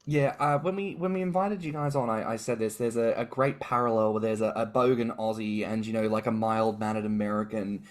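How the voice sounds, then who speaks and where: A man's voice: fairly low pitch, steady tone, brisk, hardly any pauses. A man co-hosting a podcast, bantering loosely and swearing in casual chat. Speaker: podcast co-host.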